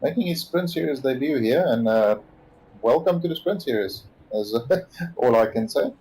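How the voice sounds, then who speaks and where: A man giving relaxed, joking color commentary alongside the lead caller on an esports sim race. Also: medium pitch, moderate pace, breathy edge, poor audio.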